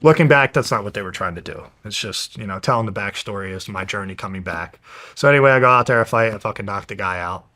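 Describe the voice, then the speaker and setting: A man's voice: on the low side, quick pace, pushed and bright. A young man from New Jersey, a professional fighter, telling a story to an interviewer in a blunt, casual way, with constant swearing. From New Jersey, USA.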